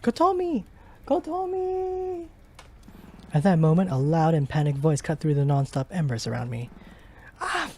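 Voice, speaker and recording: A man streaming a game, reading its story aloud with heavy emotion and frequent swearing, moving from frantic shouts to shaky whispers. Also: fairly high pitch, fast, few pauses, slight background noise. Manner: swears often. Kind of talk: dramatic read-aloud of a game's story.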